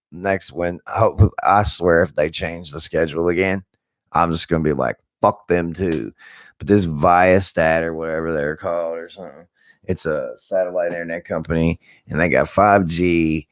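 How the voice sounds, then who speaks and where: Man, vlogger, voice gone hoarse and scratchy, very low, profane animated rant. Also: moderate pace, no echo, clean studio sound. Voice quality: scratchy, deep. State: hoarse, lost voice. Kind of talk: casual ranting vlog.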